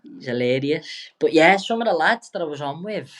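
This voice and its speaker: A man's voice: a little high, animated, moderate pace, a bit bright. Sweary young man spinning stories. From England. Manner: rambling, sweary, jokey, keeps backtracking. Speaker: boxer guest. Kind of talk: casual storytelling interview.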